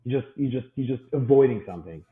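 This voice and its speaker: A man's voice: mid-range voice, expressive, fast. A male podcast guest talks casually and likes to act out the people in his anecdotes. His voice comes through a narrow, phone-like line, and the room around him has a noticeable echo. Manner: storytelling, acts out quoted voices. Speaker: podcast guest, business coach. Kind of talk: casual interview talk with acted-out anecdotes. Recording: echoey room over a tinny phone-like line.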